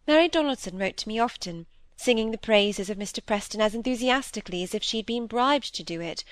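Young woman pouring out a regretful confession, read by a woman; higher voice, close dry sound. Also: dry recording, natural voice. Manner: earnest, regretful, rising to indignation. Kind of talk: audiobook reading of dialogue.

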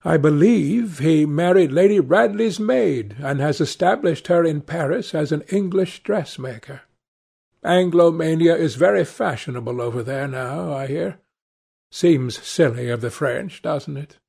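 Guy putting on a petulant young gent, airy and careless, kinda high and gravelly. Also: measured pace, mellow, exaggerated voice. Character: petulant, languid young gentleman.

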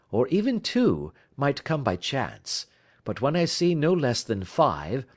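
A man voicing a confident male detective who explains his deductions in a precise, lecturing manner. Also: mid-range voice.

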